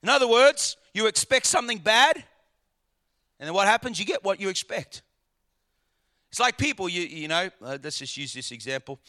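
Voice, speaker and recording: A man's voice: high-pitched, animated, moderate pace, long pauses, sharp tone. A man preaching a sermon to a congregation, emphatic, throwing out rhetorical questions and repeating his words as he builds a point. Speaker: pastor.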